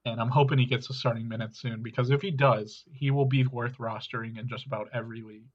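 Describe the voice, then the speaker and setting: A man's voice: mid-range voice, quick pace. Lo-fi man giving fantasy basketball analysis. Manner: steady, analytical, with many ums. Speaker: fantasy basketball podcast co-host. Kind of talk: casual sports chat.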